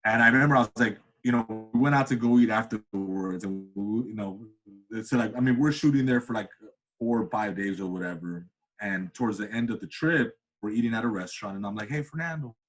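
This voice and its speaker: Casual male interview guest, 30s, husky, animated storyteller who does voices. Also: brisk. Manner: animated, acts out quoted voices with big pitch jumps. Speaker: interview guest, comedian and cinematographer.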